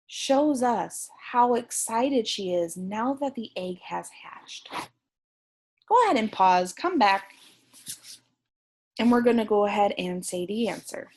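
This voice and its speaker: Slow, gentle woman teacher reading aloud. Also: a little high, husky. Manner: slow, gentle and encouraging, with questions to the class. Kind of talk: reading a picture book aloud to young students.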